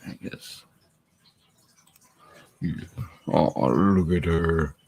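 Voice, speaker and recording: A man's voice: low voice, extremely slow, vocal fry, a little mellow, husky. A man streaming casually from home, chatting with viewers, laughing often and slipping into baby talk for his puppies. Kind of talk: casual live stream chat.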